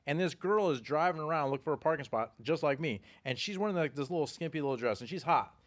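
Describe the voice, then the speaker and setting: A middle-aged man hosting a podcast, telling stories in casual chat with animated delivery and laughs. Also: fairly high pitch, quick pace. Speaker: podcast host.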